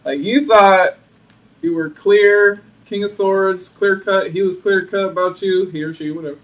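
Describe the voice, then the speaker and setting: A man with a high, light voice gives a casual tarot reading, full of sass, playful attitude and frequent laughter. The mic sits some way off, so he sounds distant. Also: a little slow. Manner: sassy and animated, laughs often. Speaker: tarot reader.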